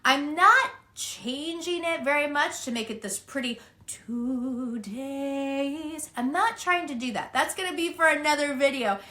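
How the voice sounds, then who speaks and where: A singing teacher gives a vocal lesson to camera, encouraging her student and demonstrating both spoken and sung phrases. Her high voice is pushed and bright, moving at a moderate pace with few pauses.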